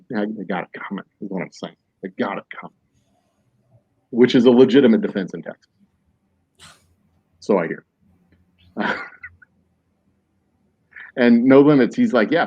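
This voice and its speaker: A man's voice: lowish voice, mellow, slightly rough. A man hosting a podcast in casual chat, rambling through jokey, mock-serious tangents. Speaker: podcast host. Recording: dull lo-fi, dry.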